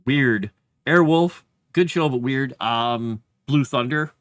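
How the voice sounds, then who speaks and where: A man's voice: medium pitch, slow pace, a bit bright, no echo. A man streaming live as he writes fantasy lore, chatting casually and rambling, and reading his drafts aloud under his breath.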